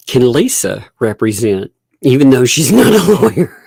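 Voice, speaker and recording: A man's voice: medium pitch, sing-song, slow, vocal fry, darkish tone, breathy edge, no room sound, clean studio sound. A man hosting a casual commentary video, laughing often in a mocking, amused way and repeating and restarting words.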